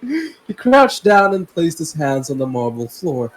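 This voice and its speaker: Casting: young male host, higher voice, reads a story casually and laughs at his own asides. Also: very animated, measured pace, a little hiss or hum, low-quality recording. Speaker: host and narrator. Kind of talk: casual story reading aloud.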